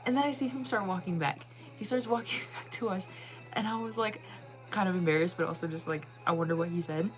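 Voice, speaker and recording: Woman, channel host, casual storytelling, animated, frequent laughter, lots of "like", slightly low voice. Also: brisk, soft background music, low-quality recording. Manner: animated, laughs often, heavy use of "like".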